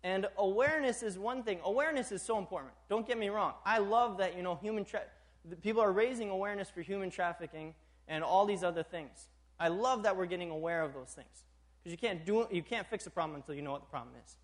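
Young man, high-pitched voice, preaching a sermon, animated, quick chuckles, frequent check-ins with the crowd. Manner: animated, chuckles often, checks in with 'all right?'.

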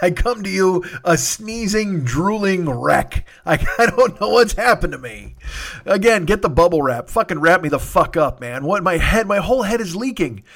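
A fairly high-voiced man rambles through a solo comedy podcast monologue, worn out, yawning and sniffly. He swears freely and pokes fun at himself as he drifts from one plug to the next. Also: fairly bright tone. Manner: rambling and profane, self-mocking.

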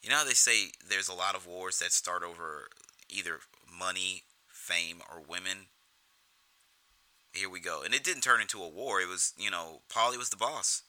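A man's voice: deep voice, moderate pace, sharp tone, dry recording, poor audio. A man giving casual film commentary in a profane, rambling way, often restarting his sentences.

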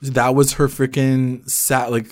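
A man's voice: medium pitch, little pitch movement, takes it slowly, no room sound, studio quality. A young man co-hosting a podcast, casually recapping a TV episode in slangy talk and acting out characters' lines. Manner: slangy, retells scenes with quoted voices. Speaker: podcast co-host.

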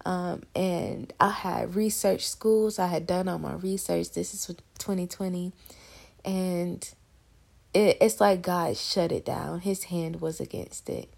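Woman, 20s, low voice, creaky, devotional testimony, conversational, emotional. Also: steady tone, slow pace, darkish tone. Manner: emotional, on the verge of tears; conversational, addresses listeners as y'all. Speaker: podcast host sharing faith testimony. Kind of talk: casual devotional talk.

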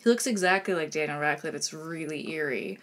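Brief: female podcast co-host, lower-pitched, chatty and enthusiastic, soft trailing asides. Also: brisk. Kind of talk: casual chat.

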